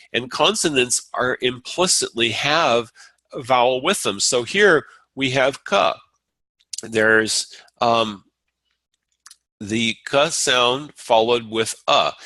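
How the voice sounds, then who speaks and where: A man teaching a Sanskrit class, explaining at an unhurried pace with frequent fillers and restarts. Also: mid-range voice, bright, forceful tone, dry recording, low-quality recording. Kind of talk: lecture.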